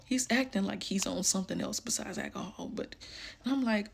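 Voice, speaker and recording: A young woman telling a personal story casually, full of "like", often dropping into a hushed voice. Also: mid-range voice, fairly quick, gravelly, slightly rough. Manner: casual, fillers like "like", drops to hushed tones.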